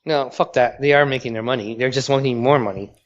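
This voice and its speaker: A man's voice: mid-range voice, quick pace. A man co-hosting a casual gaming chat over a call, blunt and opinionated, swearing as he makes his points. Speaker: podcast co-host. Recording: dull lo-fi call audio.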